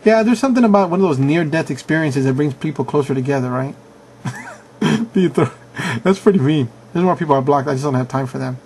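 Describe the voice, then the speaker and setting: A man's voice: a little high, animated, quick pace, darkish tone, a little hiss or hum. A man casually reading out answers from viewers, chuckling and reacting with mock outrage. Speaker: video host reading answers. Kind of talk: casual commentary reading aloud.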